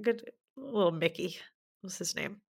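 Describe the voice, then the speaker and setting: A woman's voice: fairly low pitch, animated, measured pace, creaky, husky. A woman co-hosting a casual movie review chat, talking loosely and filling her sentences with "like". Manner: chatty, peppered with "like". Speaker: podcast co-host.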